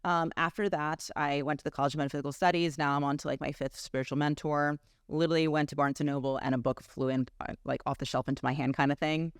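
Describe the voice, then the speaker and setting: A woman's voice: low-pitched, flat delivery, fast, few pauses, smooth, no room sound, studio quality. A woman guest on a podcast, chatting casually and animatedly, acting out quotes and laughing often. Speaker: podcast guest, business owner.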